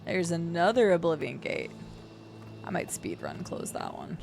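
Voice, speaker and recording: A woman's voice: fairly low pitch, wildly swooping pitch, unhurried, gravelly, noisy background. A woman streamer giving casual, playful commentary while she plays a video game, chatting to viewers and humming sing-song filler noises. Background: game music.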